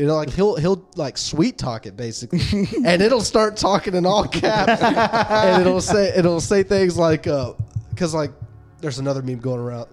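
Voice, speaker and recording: A man co-hosting a casual podcast chat, an animated storyteller who laughs often. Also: high voice, moderate pace, faint music behind. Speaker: podcast co-host.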